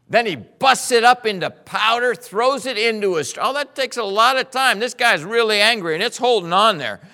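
Male pastor, slightly high, gravelly voice, unhurried dramatic sermon delivery. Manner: dramatic storytelling, swinging from loud to hushed.

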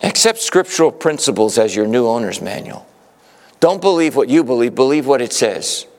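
A man of middle pitch preaching a sermon, pushing hard in some passages and easing into calm comfort in others. His delivery is emphatic and direct, as if to a congregation. A long reverb from a large church hall trails each phrase. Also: normal speed. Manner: emphatic, shifting between urgent and soothing. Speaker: pastor.

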